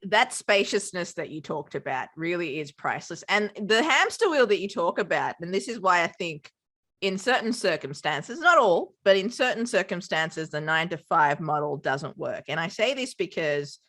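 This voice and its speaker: A woman's voice: lowish voice, lively intonation, normal speed, fairly bright tone. A woman, a podcast company founder, talking things through with an interviewer in a reflective, affirming way. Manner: affirming, reflective, talks with lots of "like". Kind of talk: conversational interview.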